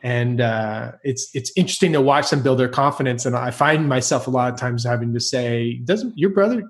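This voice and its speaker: A man's voice: mid-range voice, steady tone, fairly quick. A man hosting a podcast, curious and rambling, with frequent restarts. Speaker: host. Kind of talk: casual podcast conversation.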